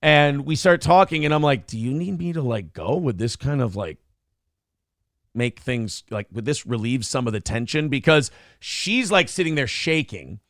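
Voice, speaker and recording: Gravelly animated man telling a story. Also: mid-range voice, normal speed, no room sound, studio quality. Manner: animated, acts out quotes, swears freely. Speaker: morning show co-host. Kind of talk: casual storytelling chat.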